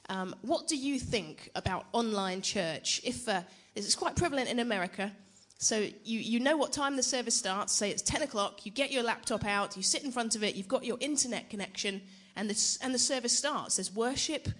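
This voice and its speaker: A woman's voice: on the high side, animated, normal speed, hardly any pauses, a bit bright. Chatty young woman preacher. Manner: chatty, self-deprecating, asks the audience questions. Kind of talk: conference teaching talk.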